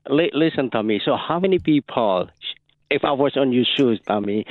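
A man calling in to a radio show, talking haltingly and repeating names. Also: medium pitch, lively intonation, no echo, narrow, tinny audio. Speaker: caller. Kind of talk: call-in radio.

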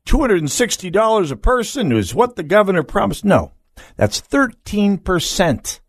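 A Minnesota-man delivers a political talk radio monologue, his pitch leaping up on points he stresses. He often stumbles and restarts mid-sentence. The studio sound is dry and close. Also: dry recording. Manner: animated, emphatic, frequent restarts. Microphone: studio microphone.

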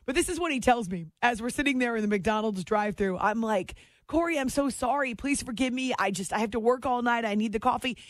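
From the studio of a late-night sports radio show, a woman hosts and tells a story, chatty and lively, breaking into frequent laughter. She talks a little fast in a slightly high voice, and there's no room sound.

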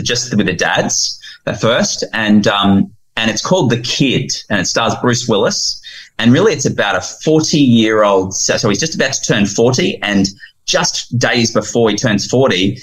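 A man speaking as a guest in an interview, heartfelt and earnest, animated when he retells scenes. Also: lowish voice, measured pace, rough recording. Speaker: guest, founder of a fathers' ministry.

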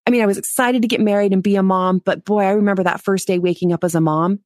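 A woman in her forties tells a personal story as an interview guest, animated and quick to laugh, voicing the people she quotes. Her pitch sits in the middle range. The sound is dry and close, with no room echo. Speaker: podcast guest.

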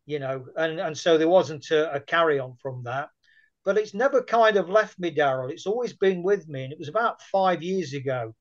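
A man's voice: a little high, expressive, moderate pace. A man telling anecdotes in a casual conversation, chatty and rambling. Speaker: guest. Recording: muffled lo-fi audio.

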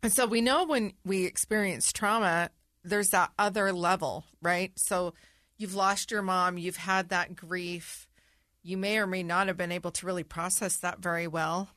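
A woman interviewer speaking in a measured, reflective way, affirming her guest. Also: lowish voice, fairly even intonation, fairly bright tone, dry recording, studio quality. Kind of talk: empathetic interview conversation.

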